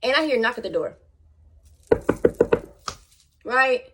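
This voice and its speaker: A young woman telling a storytime on her vlog in casual slang, animated and chatty with her viewers. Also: a little high, slow pace, very noisy. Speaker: vlogger.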